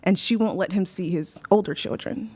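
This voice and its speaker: A woman's voice: mid-range voice, moderate pace, warm tone. A woman calling in to a live-streamed show, earnestly explaining her family situation in casual talk. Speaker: caller. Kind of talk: casual call-in chat.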